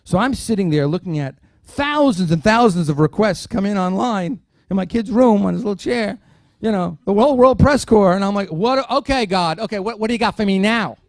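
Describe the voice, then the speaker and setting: A man's voice: sits high, brisk, hardly any pauses, dry recording, studio quality. A man giving a keynote speech at a dinner, telling a story with humorous asides and acting out the dialogue in quotes. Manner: animated, acts out dialogue in quotes. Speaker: keynote speaker.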